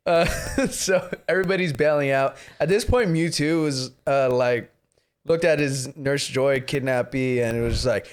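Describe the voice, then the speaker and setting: A man's voice: mid-range voice, normal speed, clear, resonant tone. A man co-hosting a podcast, casually retelling a movie with lots of laughter and swearing. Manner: laughs often, swears freely, rambling retelling. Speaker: podcast co-host. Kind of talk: casual movie recap chat.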